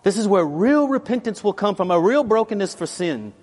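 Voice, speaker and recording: Animated preaching pastor, higher voice. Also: male voice, a little fast, husky. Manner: animated, emphatic preaching that swings between loud and quiet. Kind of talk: sermon with personal storytelling.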